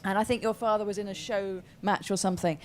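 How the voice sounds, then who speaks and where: A woman's voice: mid-range voice, steady tone, fast, slight background noise. A woman, an interview guest, telling an amused, chatty anecdote.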